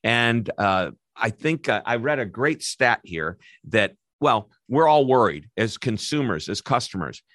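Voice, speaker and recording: An upbeat, chatty man hosts a business interview podcast from a dry, close microphone. His voice sits at an ordinary pitch, and he now and then trips over his words. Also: big pitch swings, a little slow, few pauses, a bit bright, no echo. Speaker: podcast host.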